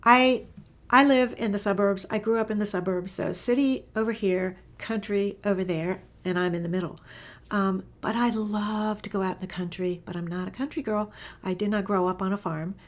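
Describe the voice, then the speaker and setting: A woman teaching animal communication in a casual spoken lesson, enthusiastic and storytelling, with her voice often sinking into a breathy whisper. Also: medium pitch, steady tone, moderate pace.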